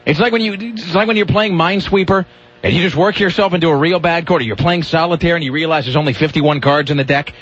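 A man's voice: fairly high pitch, quick pace, fairly bright tone, breathy edge. A man hosting a radio talk show, rambling through sardonic comic riffs with lots of restarts. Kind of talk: casual comic radio banter. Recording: dull lo-fi radio broadcast.

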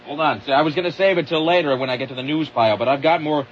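A man's voice: fairly high pitch, racing. A man hosting a radio show, reading news stories aloud with sarcastic, mocking asides. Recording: muffled radio sound with faint noise.

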